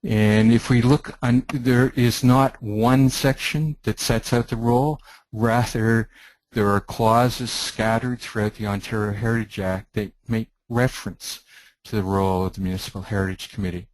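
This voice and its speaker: A middle-aged man from Canada with a fairly low voice, presenting a webinar. He explains things in a measured, teacherly way, pausing and restarting now and then. His voice sounds dry, on a computer mic. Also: steady tone, dry recording, poor audio. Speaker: webinar speaker, heritage planning consultant.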